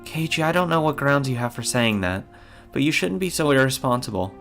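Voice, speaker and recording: A man voicing a sweet, gentle teenage girl who speaks softly and pleadingly while reading a visual novel aloud. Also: medium pitch, normal speed, creaky, soft background music, pitched above the performer's own voice. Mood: earnest.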